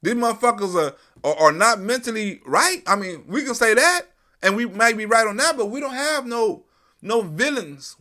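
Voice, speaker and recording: A man's voice: high-pitched, animated, moderate pace, bright, forceful tone. A man hosting a live stream, delivering an emphatic, profane, repetitive political commentary rant.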